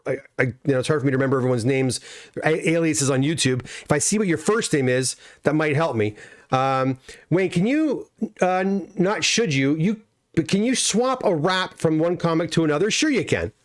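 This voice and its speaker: Male host, middle-aged, slightly high voice, rambling friendly livestream chat, repeats himself. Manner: chatty, loose, frequent restarts and repeated words. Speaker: comic pressing business owner and livestream host. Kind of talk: casual livestream chat reading viewer comments.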